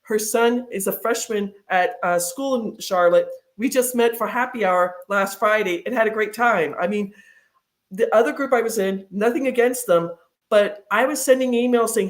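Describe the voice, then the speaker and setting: A woman guest in a casual interview talks chattily, telling long stories. She speaks at a middling pitch, scattering fillers and restarts as she goes. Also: moderate pace. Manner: chatty storyteller, many fillers.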